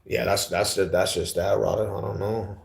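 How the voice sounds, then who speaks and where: Very low-voiced East Denver man, slangy. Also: little pitch movement, normal speed, creaky. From Denver, USA. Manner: laid-back slangy talk, calls people homie and fool. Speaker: livestream host. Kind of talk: casual livestream chat answering viewers.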